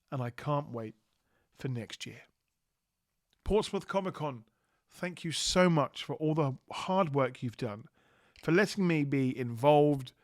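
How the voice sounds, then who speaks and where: Tired male podcast host, giddy and warm, mid-pitched voice, dry close recording. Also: dry recording. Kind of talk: solo podcast wrap-up.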